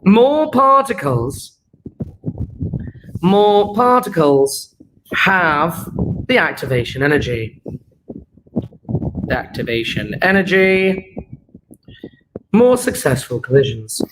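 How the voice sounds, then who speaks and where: High-voiced, unhurried playful male teacher. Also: sing-song, noisy background. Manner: playful, jokey, checks understanding with "yeah?". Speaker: chemistry teacher. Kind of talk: exam revision lesson walking through answers.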